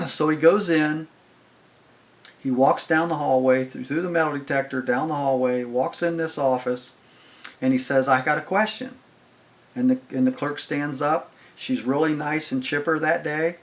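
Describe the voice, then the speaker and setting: A man's voice: fairly high pitch, fairly even intonation, moderate pace. Older man telling a rambling story. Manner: rambling, conversational, heavy on "I was like" and fillers. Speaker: channel host telling stories. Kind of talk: casual storytelling.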